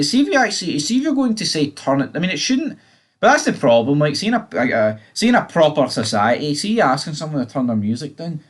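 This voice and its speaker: A man giving a casual, rambling TV episode review, blunt and swearing freely. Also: medium pitch.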